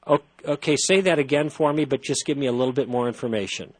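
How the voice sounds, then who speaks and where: A man's voice: medium pitch, quick pace, breathy edge, no echo. A man hosting a call-in radio talk show, explaining ideas thoughtfully with frequent restarts.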